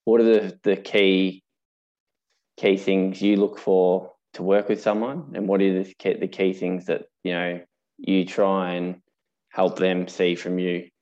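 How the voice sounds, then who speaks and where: A man's voice: low voice, little pitch movement, measured pace, darkish tone. A man hosting a podcast, asking questions and sharing stories in a rambling, conversational way. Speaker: podcast host. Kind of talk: casual interview chat. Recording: dull lo-fi recording.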